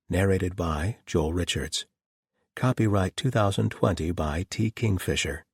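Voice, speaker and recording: A male audiobook narrator with a very deep, husky voice, telling the story in a measured, even way. The recording is close and dry, like a treated studio booth. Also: no echo. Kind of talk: scripted narration.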